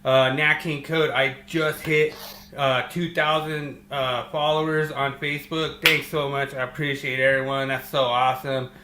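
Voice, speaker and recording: A male podcast host with a bright, forward voice thanks his listeners in an upbeat, casual way. The sound is roomy and echoey. A faint hum sits behind him. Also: mid-range voice, flat delivery, unhurried. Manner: upbeat, thankful shout-outs. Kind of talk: casual chat.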